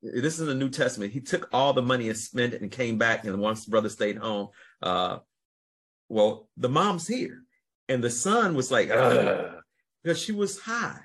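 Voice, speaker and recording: A man's voice: medium pitch, animated, moderate pace, fairly bright tone, husky. A man hosting a podcast, telling a long story in a rambling, casual way, restarting sentences and swearing freely. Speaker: podcast host.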